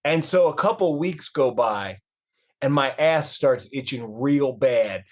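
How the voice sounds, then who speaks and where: A man's voice: mid-range voice, a little slow. A man, a band member on a podcast, telling a crude comic story with plenty of swearing. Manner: profane, animated anecdote telling.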